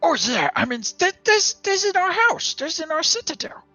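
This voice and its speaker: A man's voice: extremely high pitch, big pitch swings, moderate pace, sharp tone, dry recording, soft background music, pitched above the performer's own voice, full character voice. A man voicing a scrappy male goblin who rambles in broken grammar. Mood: evasive.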